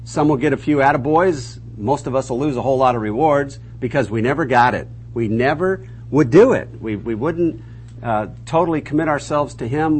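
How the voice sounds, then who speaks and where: A man's voice: medium pitch, a little mellow, husky. A man teaching a conversational Bible lesson, asking the class rhetorical questions and restarting his sentences often.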